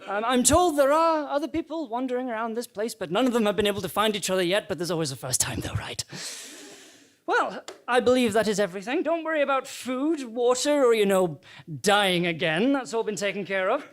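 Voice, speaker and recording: A man's voice: extremely high pitch, lively intonation, brisk. A man voicing a polite but sinister afterlife warden in an improvised comedy audio drama, with awkward, apologetic rambling full of fillers.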